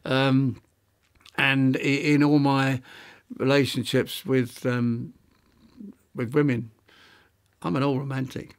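An elderly man in his nineties or older, from London, England, reminisces as an interviewee; he is a retired architect. His medium-pitched voice stays level in tone, and his speech is halting and reflective, full of restarts and fillers.

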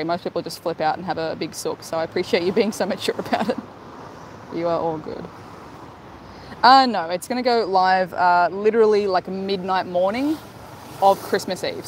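A woman's voice: medium pitch, poor audio. Woman, young, chatty, upbeat, outdoors, faint traffic hum. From Australia. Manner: chatty, upbeat, reads out viewer comments while walking. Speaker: streamer. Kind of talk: casual live-stream chat. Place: outdoors, walking.

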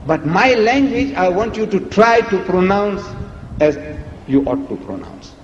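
A man lectures emphatically, firing rhetorical questions with a lively, teasing edge. His voice sits a little high. The old recording sounds dull and lo-fi, with a long echo from a large hall. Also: a little slow, a little hiss or hum. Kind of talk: public lecture played in a reaction video.

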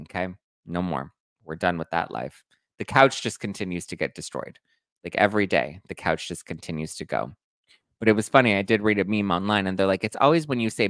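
A man hosting a casual live stream, reading viewer comments aloud with animated mock outrage. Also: low-pitched, no echo, studio quality. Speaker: host reading live chat.

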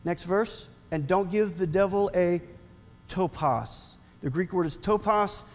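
A man preaching a sermon as pastor, animated with emphatic rising asides. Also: sits high, a little slow, in a large hall.

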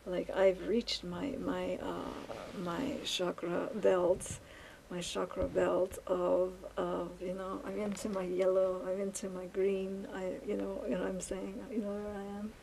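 Woman vlogger, gravelly low voice, flat delivery, halting with fillers and restarts, faint hiss behind. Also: poor audio. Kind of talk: rambling casual monologue while painting.

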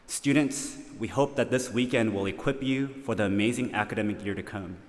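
Low-voiced man leading a prayer. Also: brisk, big-room sound. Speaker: event host leading prayer. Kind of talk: formal welcome and spoken prayer.

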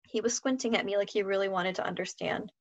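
A woman reading a children's novel aloud in a steady, clear storytelling voice. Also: medium pitch, fast talker. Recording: dull lo-fi sound.

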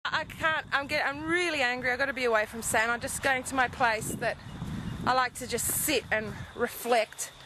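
A woman's voice: fairly high pitch, steady tone, normal speed, background noise. A woman filming her home, exclaiming and scolding her dog in exasperation. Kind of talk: casual home video. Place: house and garden, partly outdoors.

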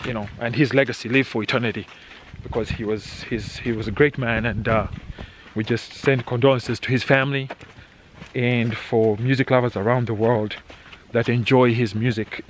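A middle-aged man with a mid-range voice rambles casually through a walking vlog of his hike on a soggy canyon trail, cracking jokes and often adding "eh?". The handheld camera's audio is low quality, with a faint hiss behind him.

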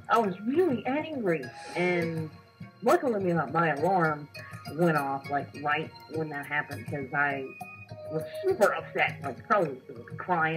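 A young woman, a co-host, recounts a dream in casual conversation, telling it in an animated way and acting out the quoted lines. Her pitch is fairly low, and the audio is poor.

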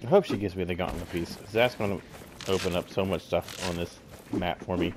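A man's voice: sits low, fairly quick, noisy background. A man giving casual gameplay commentary, sarcastic and grumbling, swearing at enemies. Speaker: gaming streamer. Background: game music.

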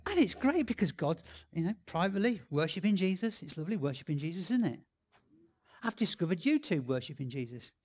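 A man telling stories in a sermon, animated and excitable, with lots of restarts and repeated words. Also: high-pitched, fairly quick. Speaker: preacher. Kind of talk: sermon storytelling.

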